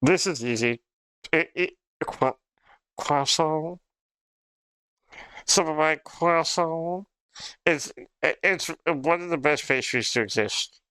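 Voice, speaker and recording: A man's voice: on the high side, slow, long pauses, bright, forceful tone, clear, resonant tone, no echo. A young man livestreaming in casual chat, rambling and swearing with frequent laughs. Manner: rambling, profane, laughs often.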